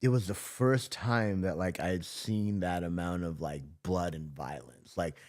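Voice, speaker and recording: A man's voice: sits low, unhurried, a little mellow. A man from Southern California, a former correctional officer, telling a story in a casual interview, loose and profane, full of filler words.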